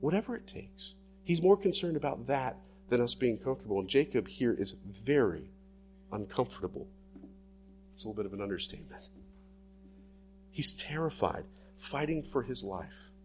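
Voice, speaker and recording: A pastor preaching a sermon, animated, acting out inner thoughts dramatically. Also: male voice, medium pitch, normal speed, a little hiss or hum.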